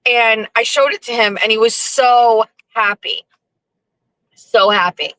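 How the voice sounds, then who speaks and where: A chatty woman host spinning casual stories in a bright, forceful voice pitched a little high. She talks freely and acts out other people's lines, in a dry, close-sounding room. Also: slow, dry recording, rough recording. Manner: chatty, animated, with lively acted-out quotes. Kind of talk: casual storytelling monologue.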